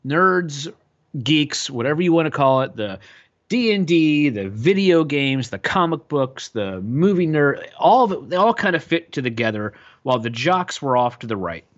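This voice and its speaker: A man co-hosting a casual podcast, speaking in a relaxed, joking way. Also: a little high, moderate pace. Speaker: podcast co-host. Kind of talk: casual chat. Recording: dull lo-fi audio.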